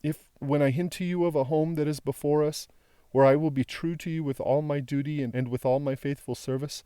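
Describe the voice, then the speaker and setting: A man's voice: fairly high pitch, fairly even intonation, brisk, mellow, clear, resonant tone, no echo, studio quality, pitched above the performer's own voice, close to an everyday voice. A man reading the part of a young woman who speaks tenderly and imploringly. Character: tender young woman pleading with her father.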